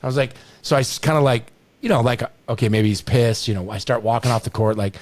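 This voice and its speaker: A man's voice: medium pitch, quick pace, no room sound. A middle-aged man hosting a podcast, telling stories in a rambling way, full of restarts and "you know.". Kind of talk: storytelling in casual chat.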